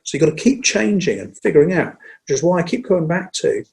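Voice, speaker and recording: A man who trains people in presenting, talking in a lively conversational way and acting out what an audience says. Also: a little high, gravelly, poor audio. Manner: energetic, acts out audience lines, speeds up and slows down on purpose. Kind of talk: casual conversational interview.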